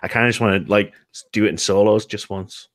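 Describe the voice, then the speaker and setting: A man's voice: fairly low pitch, level tone, quick pace. A man co-hosting a casual gaming podcast, easygoing and self-deprecating. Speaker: podcast co-host and streamer.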